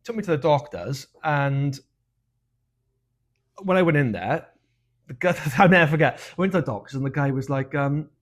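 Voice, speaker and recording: A man's voice: a little high, animated, moderate pace, pauses often. Sweary Welsh man telling stories. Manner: frank, sweary, laughs at his own dark humour. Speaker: podcast co-host. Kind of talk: casual storytelling chat.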